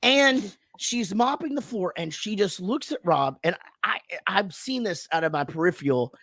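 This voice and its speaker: A man hosting a podcast, telling profane, animated stories in casual chat. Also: sits high, normal speed, no room sound, studio quality. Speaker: podcast host.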